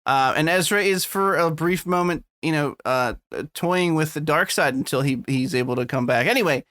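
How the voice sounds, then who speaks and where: A man's voice: a little high, a bit bright, dry recording, studio quality. A man co-hosting a podcast, chatting casually about film and TV news, laughing and swearing freely. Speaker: podcast co-host. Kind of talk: casual chat.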